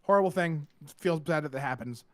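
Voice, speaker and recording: A man's voice: on the high side, a little fast, fairly bright tone, no room sound. A man on a casual stream, reading a post aloud with jokes, stammers and laughs, on a desk mic.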